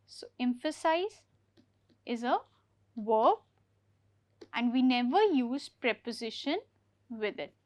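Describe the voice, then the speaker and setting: A woman teaching an English grammar lesson for exam preparation, explaining each point slowly and repeating key words. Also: a little high, animated, darkish tone, no echo.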